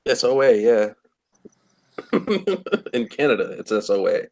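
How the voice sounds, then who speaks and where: A man's voice: medium pitch, sing-song, slow pace, darkish tone. A man co-hosting a livestream, teasing and being silly. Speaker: stream co-host. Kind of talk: casual chat.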